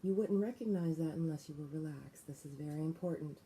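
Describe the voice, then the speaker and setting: A woman teaching a guided breathing lesson, giving calm, deliberate instructions. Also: deep voice, a little hiss or hum.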